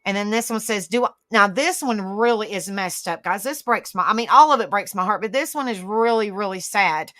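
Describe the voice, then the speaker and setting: Woman livestream host, bright edgy tone, dry close sound, indignant rambling rant, swears, talks back at online comments. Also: mid-range voice, lively intonation, brisk, hardly any pauses, no room sound. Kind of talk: live-stream commentary to viewers.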